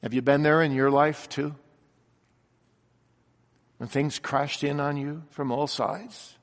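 A man preaching a sermon, earnestly asking rhetorical questions and swinging between loud declarations and quiet reflection. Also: a little high, fairly even intonation, slow. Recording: long reverb of a large hall.

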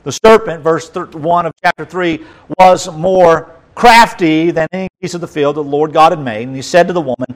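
A male pastor preaching a sermon, reading scripture aloud with dramatic emphasis and dropping to quiet asides. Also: a little high, moderate pace, poor audio.

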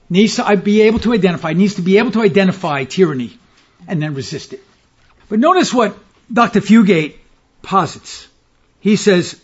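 A man preaching an expository sermon as pastor, stressing key phrases by slowing down. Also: high voice, muffled recording.

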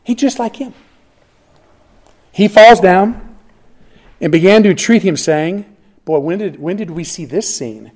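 A man preaching with a high voice, pressing hard on key words. He works through the passage verse by verse, often restarting phrases mid-thought. The delivery is animated and earnest. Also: measured pace, long pauses. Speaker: pastor. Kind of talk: expository sermon.

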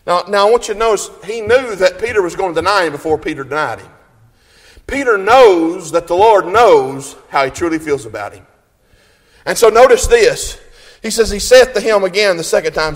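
A man preaching a fervent sermon at a church service, reading scripture in King James wording and rising to shouts at his peaks. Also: sits high, animated, normal speed. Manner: impassioned, swells to shouting at peaks. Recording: long hall reverb.

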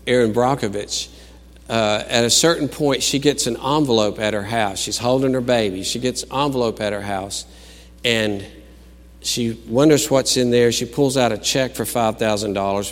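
A man preaching a sermon, swinging between loud exclaimed peaks and quiet, musing storytelling. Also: fairly low pitch, in a large hall. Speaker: pastor.

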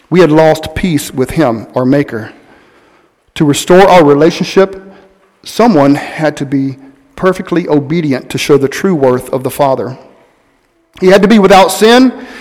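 Pastor preaching in a reverberant hall. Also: male voice, a little high, darkish tone. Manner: earnest preaching with slow, weighty emphasis. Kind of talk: sermon. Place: church sanctuary.

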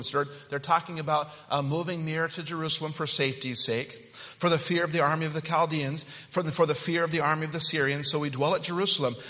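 Bright-voiced preacher in a reverberant hall. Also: male voice, fairly high pitch. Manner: dynamic preaching, surges from quiet to shouting. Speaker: pastor. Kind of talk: sermon.

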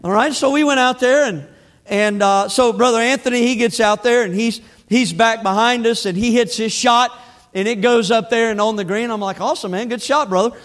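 A man's voice: very high-pitched, fairly even intonation, normal speed, a bit bright. A middle-aged man, preaching a sermon that opens with a folksy personal story. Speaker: pastor.

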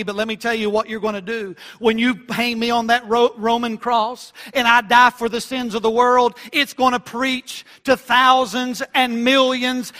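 Bright, high-voiced man preaching emphatically. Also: steady tone. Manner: emphatic preaching, surging loud on key phrases; stretches out quoted scripture slowly. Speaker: pastor. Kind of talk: sermon. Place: church.

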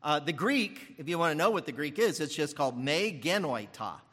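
Animated older preacher in echoing hall. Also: male voice, a little high, normal speed. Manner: animated, thinking aloud with fillers and restarts. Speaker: pastor. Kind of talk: sermon.

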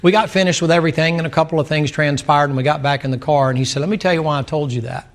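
Folksy joking preacher, higher-pitched man. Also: very fast. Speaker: pastor. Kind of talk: sermon.

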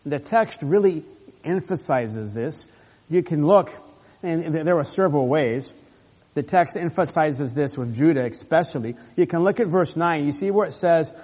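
A male pastor preaches a sermon and explains a passage with earnest, emphatic stresses. His voice sits a little high for a man. It echoes with a long reverb, as if in a church sanctuary. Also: normal speed, a little mellow.

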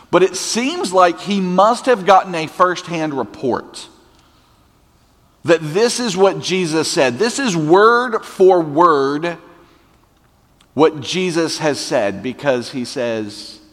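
A man's voice: medium pitch, fairly bright tone. A man preaching a sermon as a pastor, conversational, with humorous asides. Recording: long church hall reverb.

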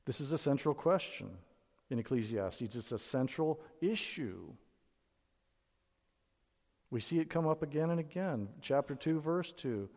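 A man's voice: on the high side, takes it slowly, long pauses, a little mellow. A man teaching a Bible lesson in sermon style, explaining step by step with frequent restarts. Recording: long reverb of a hall.

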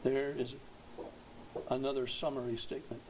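A man preaching a sermon, slow and emphatic, rising to loud exhortation at its peaks. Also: medium pitch, little pitch movement, slight background noise, rough recording.

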